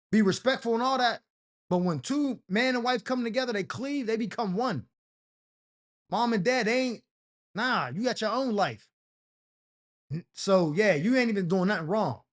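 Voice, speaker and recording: High voiced guy giving advice, slangy and heated, gets all worked up. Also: lively intonation, moderate pace, fairly bright tone. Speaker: advice show host. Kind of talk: casual advice rant.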